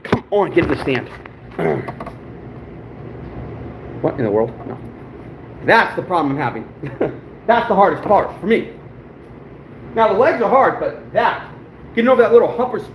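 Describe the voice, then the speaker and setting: This man's high voice has a sing-song quality, moving at normal speed with long pauses. A fur trapper running a casual live-stream demonstration, he talks to viewers as he works, cursing frequently and grumbling at himself with frustrated self-deprecation. Background noise, a far-off mic, and an echoey room mark the recording.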